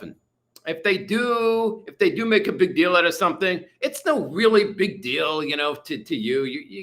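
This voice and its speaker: A man from British Columbia, Canada, with a voice a little high and a bit bright, hosts a casual livestream. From a hot room at home with a fan on, he reads viewer comments and rambles, scattering "uh" and "you know" throughout.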